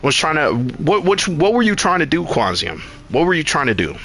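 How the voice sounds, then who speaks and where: A man's voice: fairly high pitch, sing-song, moderate pace, fairly bright tone, soft background music. A young man streaming, telling a rambling, profane story in casual chat and acting out his own lines.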